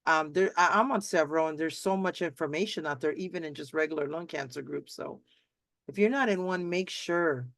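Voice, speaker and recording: A middle-aged woman hosting a live video chat, rambling warmly with many restarts and acted-out quotes. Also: deep voice, brisk, no echo. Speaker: host. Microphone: video call.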